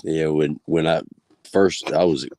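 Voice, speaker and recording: A man with a Tennessee accent chats in an easygoing way, often restarting his sentences. His voice is very deep, and the sound is dry and close. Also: steady tone, a little slow, warm tone, dry recording. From Wyoming. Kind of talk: casual chat.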